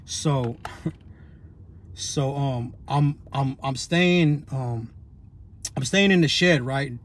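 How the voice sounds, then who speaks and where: A man's voice: mid-range voice, drawn-out words, a little hiss or hum. A man telling a rambling story in a loose, slang-heavy way, full of restarts and "you feel me" tags. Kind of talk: casual storytelling monologue.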